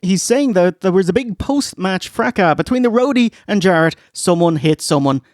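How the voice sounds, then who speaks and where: A man's voice: high-pitched, moderate pace, no echo, studio quality. Irish man co-hosting a wrestling review. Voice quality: animated, breaks into impressions. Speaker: podcast co-host. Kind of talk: casual review chat.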